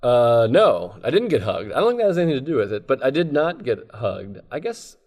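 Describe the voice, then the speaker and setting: A man's voice: medium pitch, sing-song, brisk, a little mellow. A man who is a comedian, talking as a guest on a podcast in a casual, rambling, self-deprecating way. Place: comedy club.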